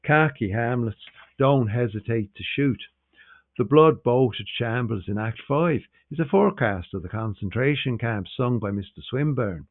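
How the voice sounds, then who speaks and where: A man's voice: medium pitch, measured pace, dry recording. A man voicing an intense young male scholar who argues with energy. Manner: energetic, arguing. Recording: tinny, phone-like sound.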